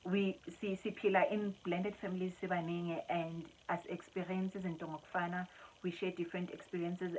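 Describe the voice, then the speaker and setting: A woman's voice: fairly low pitch, a little mellow, slight background noise, low-quality recording. A young South African woman telling a story-time vlog, chatting casually and mixing English with isiZulu. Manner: chatty, switching between English and isiZulu mid-sentence. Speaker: vlogger.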